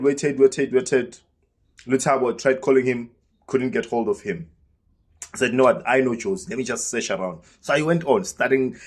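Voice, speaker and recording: A man's voice: medium pitch, breathy edge. A South African man casually telling a personal story, acting out the dialogue as he goes. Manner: lively storyteller who acts out quoted dialogue. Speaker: vlogger.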